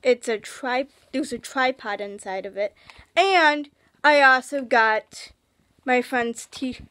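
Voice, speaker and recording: A young woman vlogging in casual chat, rambling with restarts and gushing with excitement. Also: high voice, slow, dry recording. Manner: excitable, gushing, shrieks when thrilled.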